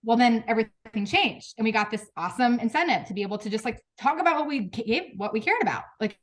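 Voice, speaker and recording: A woman in her thirties speaking frankly and emotionally to her team on a group video call, with quick restarts and laughs. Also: on the high side, lively intonation. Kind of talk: candid motivational talk.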